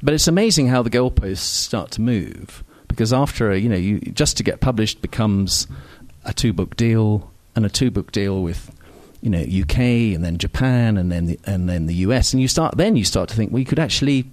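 A man's voice: fairly low pitch, animated, moderate pace, hardly any pauses, a little mellow, dry recording. A man telling stories in an interview, rambling and self-deprecating, with frequent ums and restarts. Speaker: novelist guest. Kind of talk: casual anecdotal interview talk.

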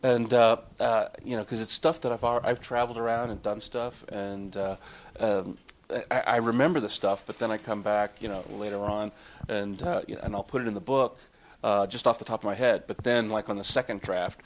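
Telling stories live at a book talk, this Florida man speaks in a low, steady voice a little on the fast side. He rambles, cuts himself off, restarts, chuckles and fills his talk with fillers.

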